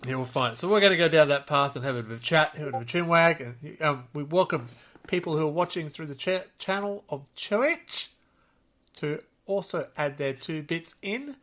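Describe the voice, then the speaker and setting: Australian man, podcast host, high bright voice, jokey, laughs a lot. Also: lively intonation, normal speed. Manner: jokey, laughs often, self-deprecating. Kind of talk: casual podcast chat.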